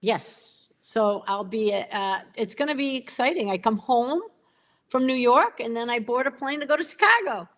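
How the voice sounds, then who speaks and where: A woman's voice: on the high side, animated, moderate pace, fairly bright tone. Woman, from the Boston area, guest, casual chat, rambling, hesitant. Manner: rambling, hesitant with many fillers.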